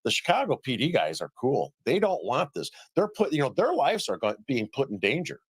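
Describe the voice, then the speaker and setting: A middle-aged man on a live stream telling stories about his reporting in a casual, animated way, acting out what others said. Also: mid-range voice, brisk, slightly rough, no room sound. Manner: animated storyteller, acts out quoted dialogue. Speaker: citizen journalist guest. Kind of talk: casual remote interview.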